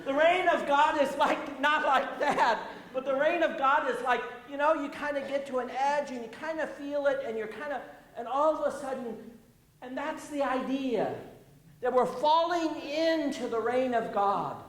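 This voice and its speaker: A high-voiced male pastor preaches in a folksy, storytelling way, chuckling and repeating himself. He is a little out of breath. The sermon echoes through a roomy church sanctuary. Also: moderate pace, fairly bright tone.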